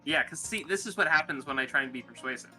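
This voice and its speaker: A player chatting casually during a tabletop game, quick to laugh. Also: mid-range voice, sharp tone, faint music behind.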